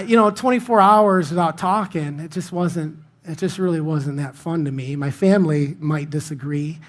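Conversational male pastor, slightly high voice. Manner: conversational, self-deprecating storytelling. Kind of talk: sermon.

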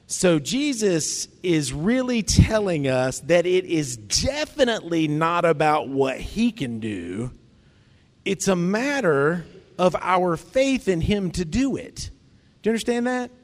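A man preaching a conversational sermon, acting out the lines he quotes with feeling. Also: a little high. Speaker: pastor. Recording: long hall reverb.

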